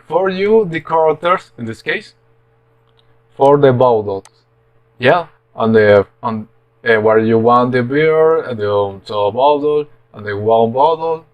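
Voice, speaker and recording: A man talking through a programming tutorial in a halting, hesitant way, with many pauses and restarts. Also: medium pitch, phone-quality sound. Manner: halting, hesitant delivery full of fillers and restarts. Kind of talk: screen-recorded coding walkthrough.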